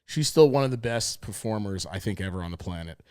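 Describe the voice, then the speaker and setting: A man's voice: on the low side, fairly quick, smooth. A man hosting a podcast in casual chat, ranting and swearing freely. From New York suburbs. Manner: profane, ranting, animated. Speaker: podcast host.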